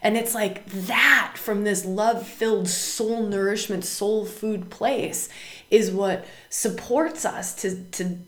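A woman hosts a spiritual astrology podcast in a medium-pitched, steady, slow voice, recorded in a roomy space. She is emphatic and repetitive, repeating words and tagging lines with "right?".

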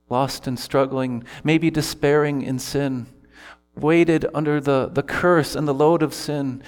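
Preaching earnestly, a male pastor voices the scripture he quotes with real feeling, as if playing the characters. He has a mid-range voice and sounds like he's in a large hall.

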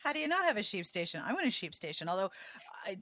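A woman co-hosting a chatty interview, her voice bright and sharp in a dry, close sound. She jokes and teases her guest. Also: mid-range voice, big pitch swings, quick pace, no echo. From United States. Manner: jokey, teasing. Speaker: podcast co-host. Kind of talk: casual interview chat.

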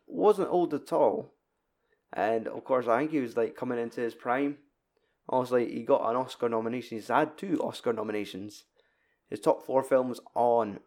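A man's voice: mid-range voice, darkish tone. A man co-hosting a podcast in casual, rambling chat, often correcting himself. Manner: rambling, chatty, self-correcting. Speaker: podcast co-host.

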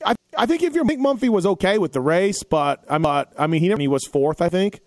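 Running through race results on his laid-back racing podcast, this host rambles and keeps correcting himself. His voice sits high and sounds expressive, the pace is quick, and there's no echo.

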